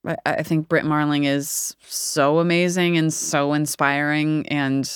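Brief: woman, 30s, low smooth voice, candid rambling interview guest. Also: level tone, measured pace, no echo, clean studio sound. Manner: candid, rambling, laughs often. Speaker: actor guest. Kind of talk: casual interview chat.

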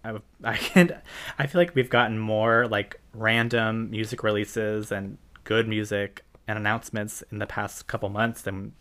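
A podcast co-host talking through film trivia in a loose, rambling way. Often stumbles and laughs between phrases. The voice sits at an ordinary middle pitch. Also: level tone, moderate pace, a bit bright. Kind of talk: casual chat about film.

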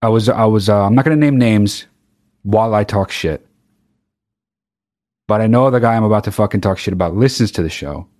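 A man's voice: fairly low pitch, brisk, pauses often, a little mellow. A man hosting a solo podcast, ranting in a heated, profane way and often restarting his sentences. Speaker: podcast host. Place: very hot recording space.

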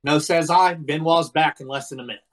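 Male co-host in his thirties, lightly raised voice, animated and profane storyteller in casual chat. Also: fairly high pitch, fairly quick. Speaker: podcast co-host. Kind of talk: casual wrestling review chat.

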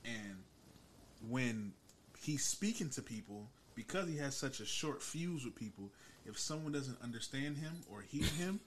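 A man's voice: mid-range voice, animated, measured pace, slight background noise. A man hosting a casual podcast, telling profane stories about work. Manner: profane, storytelling, laughs often. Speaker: podcast host and paramedic.

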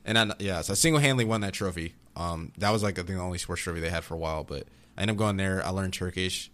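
A young man in casual chat, telling rambling, animated stories about growing up, with frequent restarts. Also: low voice, fast. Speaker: podcast guest.

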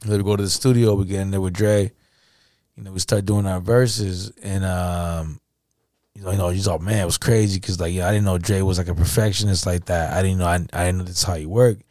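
A man's voice: sits low, fairly quick, dry recording, clean studio sound. A man co-hosting a podcast, telling stories casually and acting out the quotes with profanity and slang. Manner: animated anecdote-telling, acts out quotes. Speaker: podcast co-host. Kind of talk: casual storytelling chat.

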